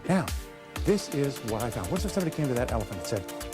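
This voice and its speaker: Energetic male seminar speaker. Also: mid-range voice, quick pace, music in the background. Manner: energetic, animated, acts out quoted voices. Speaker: motivational speaker. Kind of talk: motivational seminar talk. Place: seminar hall before a live audience.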